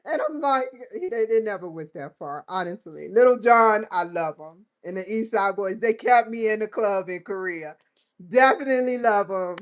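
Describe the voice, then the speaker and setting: Rambling, laughing woman vlogger. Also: a little high. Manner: rambling, laughs often, acts out dialogue in quotes. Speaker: vlog host. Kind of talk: casual chat to camera.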